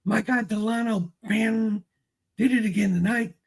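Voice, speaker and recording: Gravelly, husky male co-host. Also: high voice, normal speed. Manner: relaxed, casual, hesitant with fillers. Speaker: co-host and fantasy analyst. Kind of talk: casual chat.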